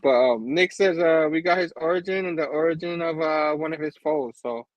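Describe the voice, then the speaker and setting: A man hosting a casual comic book review in a relaxed, easygoing way. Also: fairly high pitch, moderate pace, dry recording, lo-fi sound. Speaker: host.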